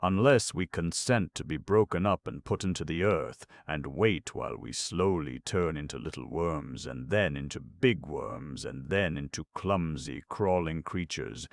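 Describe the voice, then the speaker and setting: Sad faltering clockwork man, read by a man: very low, gravelly, dry sound. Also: no room sound, exaggerated voice. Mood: plaintive. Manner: halting, repetitive, plaintive. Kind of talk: audiobook reading.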